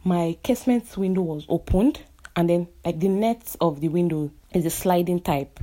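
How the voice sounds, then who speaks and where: A woman's voice: fairly low pitch, normal speed, warm tone. A young woman from Nigeria with a Nigerian accent, an architect, talking in an impassioned, indignant vlog rant and repeating phrases for emphasis.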